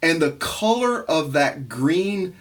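A man tells rambling family stories in relaxed conversation. He talks in an animated way, stopping and restarting his sentences, and his voice sits a little high for a man. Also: takes it slowly. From Arkansas. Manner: animated, full of restarts and impressions. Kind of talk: casual chat, storytelling.

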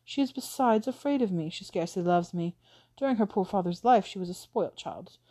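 A woman reading the lines of a smooth, scheming aristocratic widow in an audiobook, with a suave, persuasive manner. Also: medium pitch, lively intonation, fairly quick, mellow, close to an everyday voice.

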